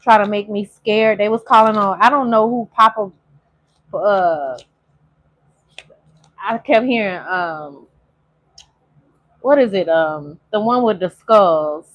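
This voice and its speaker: A woman's voice: medium pitch, highs cut off. Chatty emotional tarot reader woman. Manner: chatty, emotional, drawn-out sung phrases. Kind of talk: casual spiritual reading to viewers.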